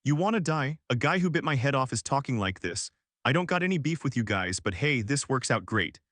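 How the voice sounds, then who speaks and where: A man voicing a selfish, hot-tempered young male adventurer who curses and shouts. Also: medium pitch, animated, a little fast, no room sound, clean studio sound. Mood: cold scornful. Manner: shouting, cursing, blunt.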